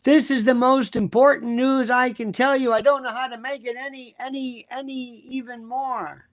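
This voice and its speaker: A man's voice: very high voice, little pitch movement, normal speed. A man hosting a livestream, reading out viewer comments and answering them in a blunt, combative way with lots of rhetorical questions. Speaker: host and legal commentator.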